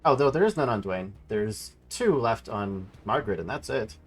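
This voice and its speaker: This man serves as game master, stating rolls and damage in a businesslike way. His lowish voice has lively intonation and moves at a normal speed.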